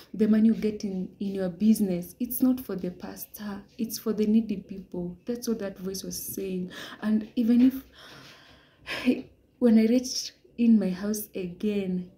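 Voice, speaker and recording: A young woman giving an earnest personal testimony, often dropping into hushed half-whispers. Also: mid-range voice. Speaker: vlogger sharing a religious message.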